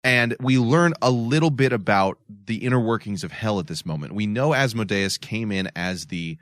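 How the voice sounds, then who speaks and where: As a podcast co-host, a low-voiced man discusses a TV episode in a loose, conversational, animated way at a moderate pace, his tone a bit bright. He explains at length and circles back to restart his points. The recording is dry and close, with no room echo at all.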